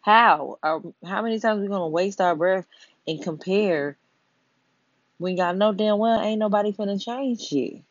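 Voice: medium pitch, normal speed, dry recording. Person, blunt profane rant, talks straight to listeners, emphatic, dull lo-fi audio, dry sound. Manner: repeats 'you know what I'm saying' as a filler. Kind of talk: profane social-commentary rant to camera.

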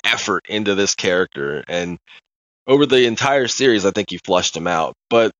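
A man co-hosting a podcast, telling stories in an animated way, laughing often and swearing casually. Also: fairly low pitch, moderate pace, no room sound, muffled recording. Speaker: podcast co-host. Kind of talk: casual chat.

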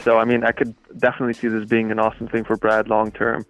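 A man's voice: lowish voice, monotone, quick pace, soft background music, rough recording. A man appearing as a guest sports writer on a podcast, giving confident, emphatic opinions. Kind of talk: casual sports chat.

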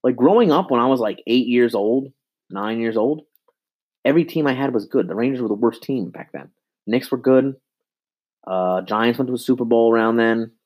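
A man's voice: medium pitch, expressive, normal speed, a little mellow. A man in his twenties giving an exasperated, profane sports rant into a handheld mic, repeating himself. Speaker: sports fan vlogger.

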